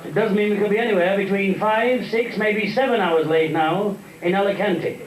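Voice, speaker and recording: A man voicing a calm airline pilot making cabin announcements in a stand-up joke. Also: high voice, moderate pace, far from the mic, a little hiss or hum, lightly acted. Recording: echoey live venue.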